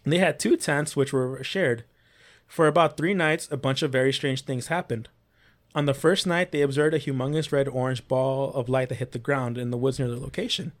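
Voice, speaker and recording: A man's voice: mid-range voice, fairly even intonation, normal speed. A man hosting a casual podcast, reading paranormal accounts aloud with small slips and restarts.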